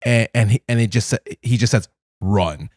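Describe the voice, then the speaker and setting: A man's voice: medium pitch, fast, breathy edge, dry recording, studio quality. A man co-hosting a podcast, telling stories in casual chat and swearing freely. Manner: animated storyteller, swears freely. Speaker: podcast co-host.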